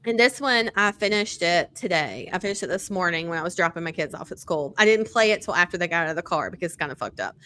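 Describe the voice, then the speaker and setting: A woman hosting a podcast, casually reviewing books with lots of fillers, easy swearing and excited storytelling. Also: medium pitch. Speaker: podcast host. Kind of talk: casual book-review chat.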